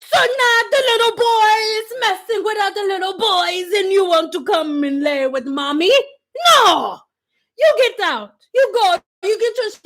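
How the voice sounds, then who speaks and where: An outraged middle-aged Haitian mother, as a woman acts her out, tells her tale in a high, piercing voice. She talks loud and keeps crying out "hey" between her sentences. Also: heavily acted. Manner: loud, exclaiming "hey" over and over.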